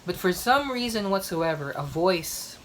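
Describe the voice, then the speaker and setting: A woman's voice: fairly low pitch, animated, measured pace, slight background noise, rough recording. A young woman from the Philippines, vlogging in a chatty, emphatic way and often repeating herself for effect. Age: young adult. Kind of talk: casual chat.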